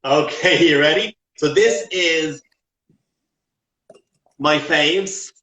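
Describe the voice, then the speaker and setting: A man's voice: on the high side, drawn-out words, sharp tone. A man hosting a casual live interview over a video call, upbeat and joking. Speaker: host. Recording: echoey room, off mic.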